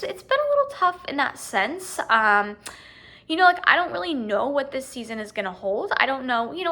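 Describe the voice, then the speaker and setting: Young female vlogger and coach, bright, clear voice; candid, rambling delivery. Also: mid-range voice. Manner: rambling, many ums and you-knows, tearful in places. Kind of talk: candid personal vlog.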